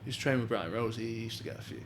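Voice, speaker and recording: A man's voice: on the low side, very fast. Young manchester bloke yapping about his life, loads of "like", bit of room hum behind. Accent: Mancunian. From England. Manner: chatty storytelling, swears, many "like" fillers. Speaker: professional boxer guest. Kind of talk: casual chat.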